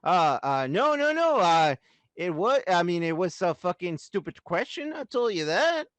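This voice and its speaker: Co-host, male, bright and bouncy voice, quick profane quips, dry close sound. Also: high-pitched, sing-song, dry recording. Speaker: podcast co-host. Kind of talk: casual crude banter.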